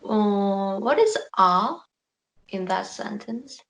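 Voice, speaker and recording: A woman's voice: medium pitch, expressive, takes it slowly, gravelly, a bit bright, poor audio. A Korean woman in her twenties, a beginner student asking careful, hesitant questions in a video-call Spanish lesson. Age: 20s. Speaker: language student. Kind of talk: online language lesson.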